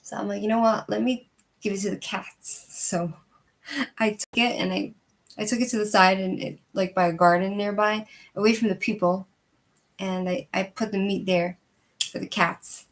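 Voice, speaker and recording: A woman's voice: medium pitch, moderate pace. A woman in her thirties telling a personal story in casual chat, rambling with fillers and breaking into laughs. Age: 30s. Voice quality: rambling, animated, frequent fillers. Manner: laughs between sentences. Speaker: channel host.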